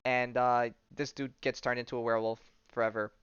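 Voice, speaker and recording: A man's voice: mid-range voice, level tone, brisk, a bit bright, clear, resonant tone, dry recording, lo-fi sound. A man hosting a podcast, casually retelling a comic story with loose jokes and lots of fillers. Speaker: podcast host. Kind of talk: casual comic-book recap.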